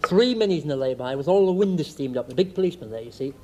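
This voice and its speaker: A man's voice: a little high, expressive, racing. A man telling a story joke on a comedy panel, acting out the voices in it. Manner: storytelling with acted-out quoted voices. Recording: noisy 1960s TV studio recording. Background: studio audience laughter.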